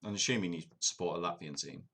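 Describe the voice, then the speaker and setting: An English man casually live-streams a football management game, talking quickly in a deep, bright, forceful voice. He's chatty with his viewers and pokes fun at himself.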